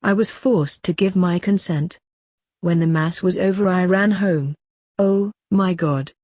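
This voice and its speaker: A woman narrating a saint's autobiography as an audiobook, in a calm, earnest and measured reading. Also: on the low side, no room sound, studio quality.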